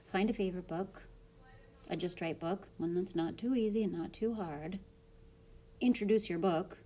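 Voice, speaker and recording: Mellow-voiced playful woman teacher. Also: mid-range voice. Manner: expressive, playful, sing-song storyteller. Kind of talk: recorded reading lesson with a read-aloud.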